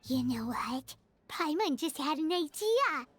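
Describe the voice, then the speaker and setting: Squeaky tiny fairy girl, bubbly chatter, big swooping pitch, game music behind. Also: very animated, measured pace. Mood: excited. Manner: bouncy, exclamatory, food-obsessed chatter.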